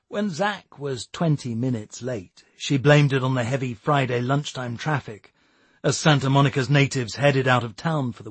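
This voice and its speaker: A man narrating a novel in a measured storytelling voice. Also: medium pitch, husky, no echo. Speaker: audiobook narrator. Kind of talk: scripted narration.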